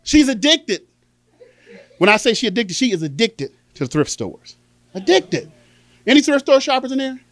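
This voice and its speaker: A man's voice: extremely high pitch, moderate pace, pauses often. A man performing a stand-up comedy set, telling family stories and acting out his relatives. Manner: animated storytelling, acting out family members.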